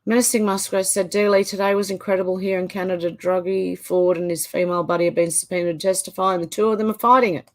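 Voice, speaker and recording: A woman's voice: fairly low pitch, steady tone. Australian woman reading chat comments aloud. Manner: reads viewer comments aloud with quick reactions. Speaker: channel host. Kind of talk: casual live-stream chat.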